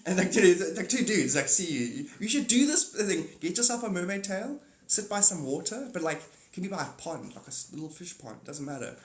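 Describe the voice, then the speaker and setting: A man with a slightly high voice talks in a loose, rambling way on a live stream. He laughs often and keeps breaking into little skits with put-on voices. The sound is roomy and echoey. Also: big pitch swings, brisk, hardly any pauses. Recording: roomy echo.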